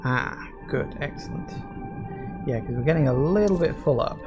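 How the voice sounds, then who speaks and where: A gravelly-voiced man talks his way through a game, half to himself, quietly reading out bits of text as he goes. His voice carries a rough, creaky edge, and game music plays clearly underneath. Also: fairly high pitch, animated, normal speed. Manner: musing aloud, reading game text softly. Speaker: let's-play gamer. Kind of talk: casual gameplay commentary.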